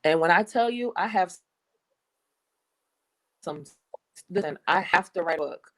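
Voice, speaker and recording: A woman's voice: on the low side, a little slow, long pauses, low-quality recording. A young American woman telling stories in a blunt, profane, casual way. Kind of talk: casual chat.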